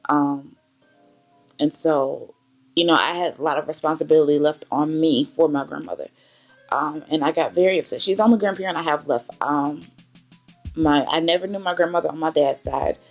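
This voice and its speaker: A woman's voice: deep voice, fairly even intonation, moderate pace, faint music behind. A woman in her twenties candidly telling an emotional personal story in a faith vlog. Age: 20s. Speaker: vlogger.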